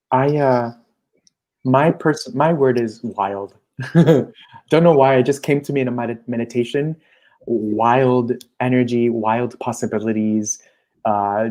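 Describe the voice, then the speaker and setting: A man, a coach and guest, talking in a casual, animated interview and acting out his clients' voices. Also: medium pitch.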